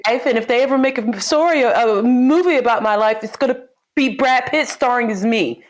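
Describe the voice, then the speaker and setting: A woman's voice: a little high, a little fast. A woman guest in a casual chat, blunt and salty, often laughing. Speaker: guest co-host.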